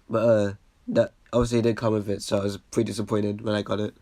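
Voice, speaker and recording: A young man casually rambling over an old video, packed with "like" fillers and the odd swear, getting excited and then trailing off. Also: fairly low pitch, fast, no echo. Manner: excitable bursts, trails off with a quiet "yeah". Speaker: reaction video host.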